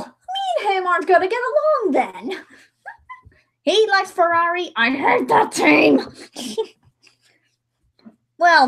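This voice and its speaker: A woman's voice: high voice, a bit bright. A young woman chatting casually to her livestream while she edits, talking to herself and laughing often. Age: young adult. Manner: chatty, giggly self-talk with frequent laughs. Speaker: livestreamer editing a dramatic reading. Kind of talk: casual chat while editing.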